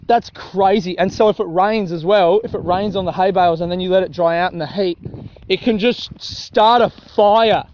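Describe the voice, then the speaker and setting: A young vlogger from South Australia chats casually while walking a grassy rural track, swearing often and laughing at his own jokes. His voice is high-pitched and a little mellow. The audio is dull and lo-fi with faint noise.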